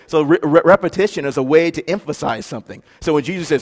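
A man's voice: fairly high pitch, quick pace, hardly any pauses. Conversational male preacher in a reverberant hall. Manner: conversational preaching with frequent fillers, emphatic repetition. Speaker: pastor. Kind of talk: sermon.

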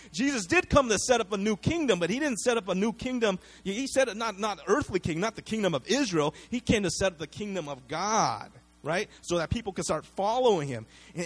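A man preaching a sermon in a conversational way, often restarting words and checking in with "right?". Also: on the high side. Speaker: pastor.

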